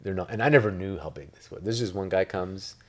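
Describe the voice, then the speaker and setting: Speaking fast in a low-pitched voice, an Italian man rambles through a casual interview about real estate as a guest, his talk loose and packed with filler words.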